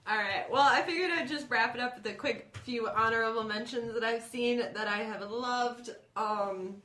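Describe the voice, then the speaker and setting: A young woman co-hosting a podcast, telling stories in casual, animated chat. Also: on the high side, normal speed. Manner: chatty and animated storyteller. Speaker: podcast co-host. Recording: roomy echo.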